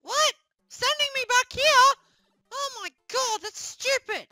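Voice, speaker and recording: A performer voicing a whiny, easily panicked young male plush hero in a comedic puppet gaming skit. He yelps and shouts in panic. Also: very high-pitched, slow pace, dry recording, soft background music, exaggerated voice.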